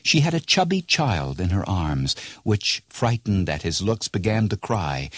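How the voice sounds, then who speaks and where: A man narrating a classic tale in an expressive, measured storybook reading. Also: low voice, breathy edge, no room sound, studio quality.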